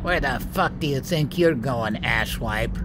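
A man's voice: mid-range voice, animated, takes it slowly, voice pushed up. A man voicing a cruel, narcissistic teenage boy bully who snarls and hisses his insults, with a hum in the recording. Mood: snarling. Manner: snarling, hissing, profane.

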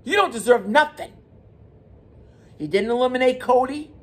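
A man's voice: very high voice, lively intonation, moderate pace, fairly bright tone. A man hosting his own wrestling commentary channel, talking alone in a heated, emphatic way, repeating his points and restarting words. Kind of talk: solo wrestling opinion rant.

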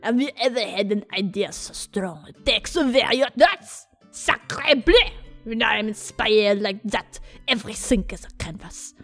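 A woman voicing an eccentric young male art student with a put-on French accent, slow and theatrical. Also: medium pitch, expressive, soft background music.

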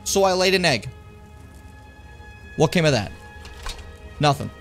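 Animated man streaming a game. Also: a little high, unhurried, faint music behind. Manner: animated, swearing, jumps into shouting. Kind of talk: casual gameplay commentary.

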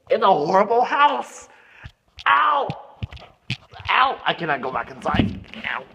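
A man's voice: a little high, noisy background. A man filming a playful parody home tour on his phone, grumbling in mock complaint and slipping into silly exaggerated voices. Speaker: vlogger. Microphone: phone camera.

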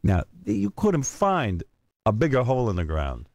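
Man, radio host, storytelling, acts out voices, lively pitch, dry close sound. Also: measured pace, gravelly, dry recording. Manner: acts out other people's voices, with emphatic asides. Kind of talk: animated storytelling.

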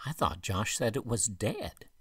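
A wary, blunt teenage boy, as a man reads him in an audiobook. He speaks sharply and rises when alarmed. The voice is husky. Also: lowish voice, big pitch swings, unhurried, no room sound, studio quality, pitched above the performer's own voice, exaggerated voice.

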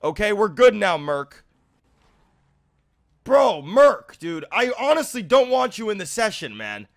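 High-pitched, lisping, raging gamer guy. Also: sing-song, measured pace, creaky, no echo. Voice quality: lisp. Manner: swings between muttering and loud, swearing rage outbursts. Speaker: gaming streamer. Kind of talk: live gameplay commentary.

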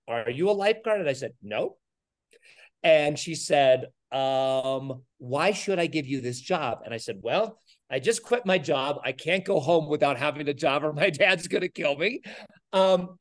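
Energetic storytelling man, slightly high voice. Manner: energetic, animated storyteller acting out quoted voices. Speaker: podcast guest, entrepreneur. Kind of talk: storytelling in an interview.

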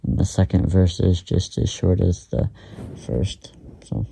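A deep-voiced man with a gravelly, fry-heavy tone rambles through a casual reaction, stopping and restarting often. He sits a little back from the phone mic. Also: fairly even intonation, measured pace, warm tone, recorded from a distance, slight background noise. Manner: rambling, hesitant, many fillers and restarts. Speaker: host reacting to a song.

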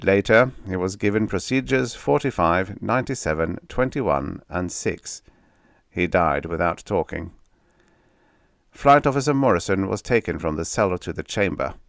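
A narrator voices a detached alien intelligence officer reciting his report in a low, flat, formal cadence. The delivery is dry and close, without warmth. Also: normal speed, gravelly, no echo. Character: cold, drawling alien male intelligence captain.

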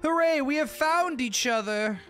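A man's voice: very high-pitched, expressive, unhurried, pushed and bright, faint music behind, voice pushed up, heavily acted. A man voicing a fussy, lost traveling mother and child with a clumsy fake German accent. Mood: hammy.

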